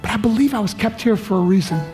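Middle-aged man, motivational speaker, heartfelt confessional storytelling, soft music behind. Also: high voice. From United States. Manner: earnest, pleading storytelling with vivid pauses. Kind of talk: emotional personal storytelling speech. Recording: faint music underneath. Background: soft background music.

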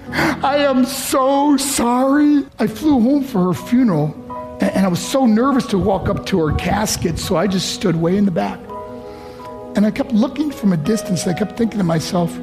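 A middle-aged man from the United States giving a motivational speech, telling a personal story in an earnest, pleading way. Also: high-pitched. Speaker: motivational speaker. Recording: faint music underneath. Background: soft background music.

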